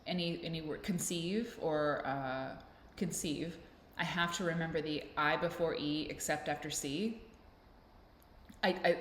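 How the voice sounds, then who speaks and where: A low-pitched woman hosts a vlog, chatting casually to camera indoors at home with a fan blowing. She rambles in a playful, self-mocking way. The recording has a reverberant, echoey sound with faint noise.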